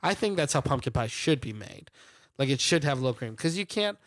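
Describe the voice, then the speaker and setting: A man co-hosting a podcast, telling loose, rambling stories in casual chat. His voice sits at a middle pitch. The recording is dry and close. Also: a little fast, dry recording. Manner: rambling, animated storyteller with laughs. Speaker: podcast co-host.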